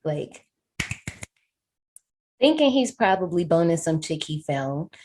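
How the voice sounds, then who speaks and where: A woman with a fairly low voice recaps a horror film for a podcast. She is casual, frank and playful, uses slang, and laughs easily. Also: very animated, takes it slowly, darkish tone, slight background noise.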